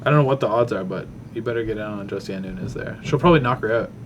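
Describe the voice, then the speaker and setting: A man's voice: fairly low pitch, quick pace, dull audio, noisy background. A man hosting a casual talk show, rambling through a fight breakdown while thinking aloud with many fillers. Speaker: podcast host.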